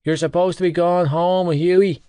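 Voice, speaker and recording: A man doing a gruff, fed-up young rugby captain. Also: high voice, steady tone, normal speed, warm tone, no room sound, pitched above the performer's own voice, lightly acted. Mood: exasperated.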